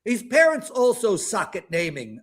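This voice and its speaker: A man in his fifties, a sports betting handicapper in casual panel chat, ranting in an animated, self-mocking way. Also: sits high, moderate pace. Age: 50s.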